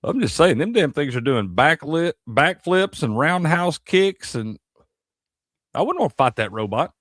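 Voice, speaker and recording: A man's voice: a little high, very animated, measured pace, fairly bright tone, no room sound, studio quality. Easygoing joking man on a sports show. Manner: easygoing, joking reactions, conspiratorial musings. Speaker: co-host of a sports talk show. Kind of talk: casual chat.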